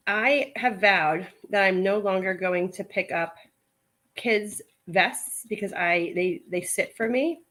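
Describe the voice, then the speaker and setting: A woman's voice: medium pitch, measured pace, a bit bright. A woman hosting a casual live stream at home, chatting in a rambling way with many fillers while she sorts clothes to resell. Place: at home, sorting a pile of clothes.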